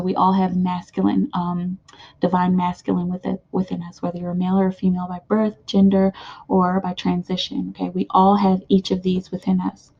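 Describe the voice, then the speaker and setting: A woman's voice: fairly low pitch, vocal fry, warm tone, muffled recording. A woman giving a casual card reading to her viewers, chatty and full of fillers, often calling out to "you guys". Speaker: tarot card reader.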